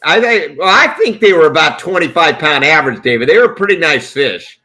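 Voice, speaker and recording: A man's voice: a little high, lively intonation, brisk, bright, forceful tone. A middle-aged man and sportfishing captain, chatting casually and restarting his sentences often. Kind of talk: casual chat.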